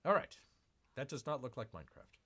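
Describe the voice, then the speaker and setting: A man's voice: mid-range voice, very animated, a little fast, sharp tone, husky. A man hosting a live stream, reacting with sarcastic, mock-exasperated commentary. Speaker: streamer host.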